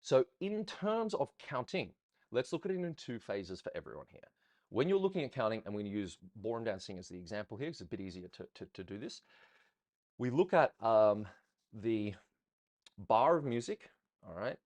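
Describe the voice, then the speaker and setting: A man teaching ballroom dance in a rambling, chatty Q&A style, often counting beats out loud. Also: fairly low pitch, sing-song, moderate pace, no echo. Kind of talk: casual teaching Q&A.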